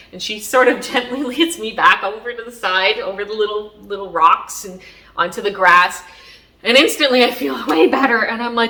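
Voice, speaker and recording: A woman's voice: on the high side, normal speed, pushed and bright. A woman vlogger telling a personal story in a casual, rambling way, full of fillers. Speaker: spiritual vlogger.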